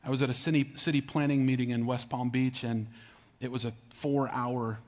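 A man's voice: medium pitch, flat delivery, normal speed. A middle-aged man, preaching a sermon, emphatic and repetitive, calling out to his congregation. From Southern United States. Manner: emphatic, repeats phrases, calls out to congregation. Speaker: pastor.

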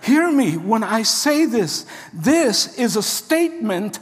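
An emphatic preacher delivers a sermon at a deliberate, unhurried pace. Key phrases come back again and again as the speaker urges the listeners on. The voice carries a long, ringing reverb from a large hall. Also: medium pitch, big pitch swings.

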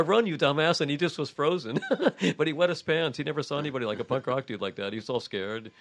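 A man's voice: mid-range voice, fairly bright tone. An older man, a musician guest, telling stories in a casual chat, laughing often and swearing. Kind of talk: casual storytelling.

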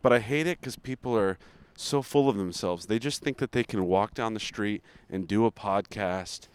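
A man's voice: fairly low pitch, normal speed, smooth. A man cohosting a podcast while walking outdoors, quizzing his friend playfully and rambling through anecdotes. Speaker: podcast co-host. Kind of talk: casual walking chat. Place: outdoors on a city street.

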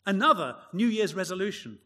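Male preacher, high voice, lively rising and falling pitch, long echoing church reverb, emphatic sermon. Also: fairly quick.

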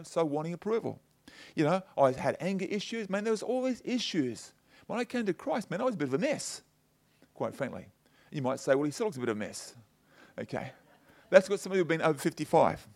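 Middle-aged man, high voice, casual pastor giving a story-driven sermon; chatty, keeps checking in with listeners. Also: a little mellow. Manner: chatty and personal, tags points with "okay?" and "you know". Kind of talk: conversational sermon.

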